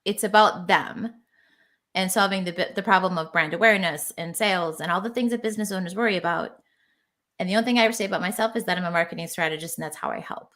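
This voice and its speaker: A woman's voice: fairly low pitch, fast, fairly bright tone. A woman guest in an interview, a marketing strategist explaining her ideas with confidence. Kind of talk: casual interview chat.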